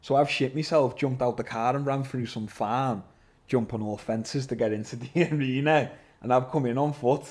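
A man, a guest telling his story in an animated, casual way, swearing and calling everyone lad. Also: medium pitch, moderate pace. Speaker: podcast guest, MMA fighter.

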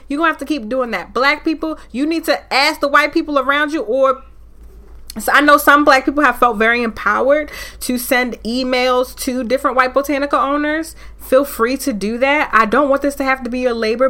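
Fiery, bright-voiced woman podcaster. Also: high voice, brisk. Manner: fiery, preachy, loud at times. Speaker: podcast host. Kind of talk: impassioned solo podcast rant.

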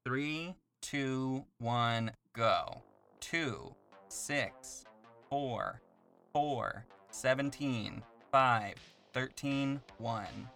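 A man running a game quiz, calling out numbers and trivia questions. He speaks slowly and deliberately in a bright, tense tone, with faint music underneath. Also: medium pitch, vocal fry. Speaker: quiz host.

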